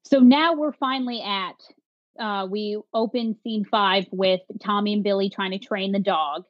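A chatty woman co-hosting a casual podcast, talking over a video call. Her voice sits at an ordinary middle pitch, and the audio comes through a little dull and lo-fi. She keeps the conversation moving by recapping what happened. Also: moderate pace. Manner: chatty, recaps scenes by quoting characters. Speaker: podcast co-host. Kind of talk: casual chat.

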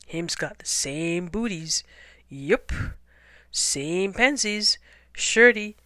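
A woman's voice: medium pitch, bright, forceful tone, dry recording, studio quality, heavily acted. A woman voicing a dim-witted, nervous big male hunter who talks in simple baby-talk grammar, reading a picture book aloud.

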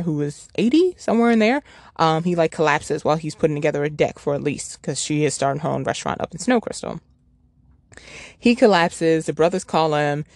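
A woman's voice: low-pitched, a little mellow, no echo, clean studio sound. A woman hosting a book review podcast, chatting casually and rambling with many restarts and rhetorical questions.

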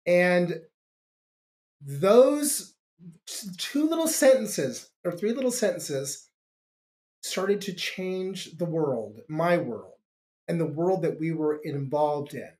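A man's voice: fairly high pitch, lively intonation, slow, a little mellow. A middle-aged man, a podcast guest, telling a personal story in an earnest, reflective way with frequent restarts.

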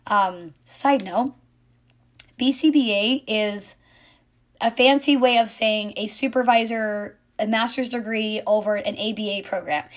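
A woman, likely in her thirties, speaking earnestly and warmly as a mother reflecting on her son, at times dropping to a soft whisper. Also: medium pitch, unhurried. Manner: earnest, heartfelt, soft-spoken with quiet whispered asides. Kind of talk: personal reflective monologue.

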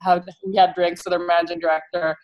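A young woman guest on a podcast, her voice pitched a touch low. She rambles through a story with frequent giggles and filler words. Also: little pitch movement, fast talker, highs cut off. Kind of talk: casual chat.

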